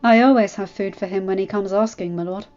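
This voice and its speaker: A woman voicing a kindly castle cook who tells things in a warm, gossipy, storytelling manner. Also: medium pitch, fairly even intonation, a little fast, dull audio, lightly acted. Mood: fond.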